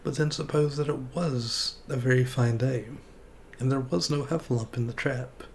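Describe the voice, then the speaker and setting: A man streamer reading a children's storybook aloud in a relaxed, folksy way. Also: medium pitch, moderate pace, vocal fry, a little hiss or hum.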